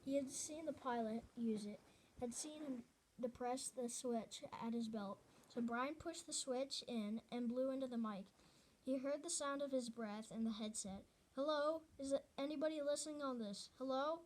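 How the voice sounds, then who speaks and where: A woman reads a novel aloud in a fairly high voice. Her delivery is earnest and unpolished, and she often stumbles, restarts and corrects herself mid-sentence. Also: measured pace, a little mellow. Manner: earnest reading with frequent restarts and self-corrections. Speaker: reader.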